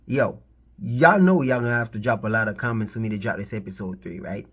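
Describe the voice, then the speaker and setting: A man's voice: fairly low pitch, brisk, a bit bright, breathy edge. A man hosting his own channel, giving casual, rambling commentary on the music scene, repeating himself and playfully pleading with viewers. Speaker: channel host.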